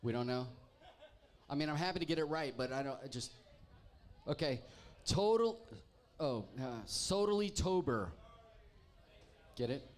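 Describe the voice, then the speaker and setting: A man's voice: fairly high pitch, animated, unhurried, pauses often. A man hosting a live pub trivia night, reading team names with wry, teasing jokes to the crowd. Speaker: trivia host. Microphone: handheld microphone.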